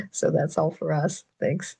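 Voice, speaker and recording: A woman giving an expressive, playful poetry reading that swings between soft and bright. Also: low-pitched, creaky, slightly rough. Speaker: poet.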